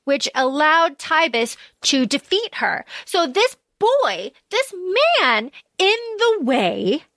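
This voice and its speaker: High-voiced chatty woman, dry sound. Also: slow pace, no room sound. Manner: chatty, many fillers, animated retelling. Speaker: podcast co-host. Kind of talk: casual book discussion.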